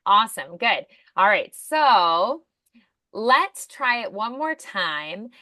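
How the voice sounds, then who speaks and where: A woman's voice: medium pitch, sing-song, takes it slowly, sharp tone, no echo. Upbeat woman coach, encouraging and chatty, dry close sound. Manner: upbeat, encouraging, many fillers. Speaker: voice acting coach. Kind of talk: casual coaching.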